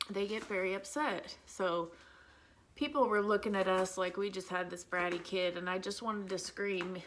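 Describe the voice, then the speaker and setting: A vlogger who is the mother of an autistic son chats candidly while doing her makeup at home, venting about him in a casual makeup vlog. Her voice is mid-range, with background noise in the recording.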